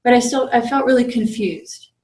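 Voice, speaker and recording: Her pitch is fairly high and her tone darkish, and she talks at normal speed on a rough recording. She is a female Zen priest in a meditation group room, relating a personal story in a conversational dharma talk with plenty of ums and restarts.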